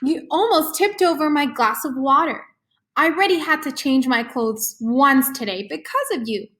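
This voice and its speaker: A woman's voice: high voice, expressive, moderate pace, a bit bright. A woman voicing a bossy, mocking older sister in a storybook read-aloud. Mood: snide. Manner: snide, teasing.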